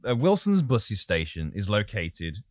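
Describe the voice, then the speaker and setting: Low-voiced joking podcast host. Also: male voice, huge pitch swings, unhurried. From English Midlands. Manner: joking, rambling storytelling. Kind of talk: casual podcast chat.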